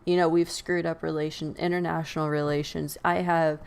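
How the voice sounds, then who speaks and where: Low-pitched and fairly quick, her voice is both gravelly and smooth as this American woman hosts a podcast. She's animated and opinionated in her casual remarks, often laughing and sighing.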